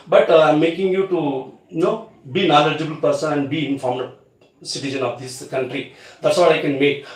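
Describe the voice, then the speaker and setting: A man teaching an online revision class, halting, with many fillers and restarts. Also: a little high. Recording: very echoey room, far from mic.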